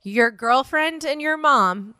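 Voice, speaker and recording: A woman's voice: high voice, animated, slow pace, pushed and bright, no echo, clean studio sound. A woman in her thirties hosting a podcast, blunt and teasing, swearing freely in casual chat. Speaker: podcast host.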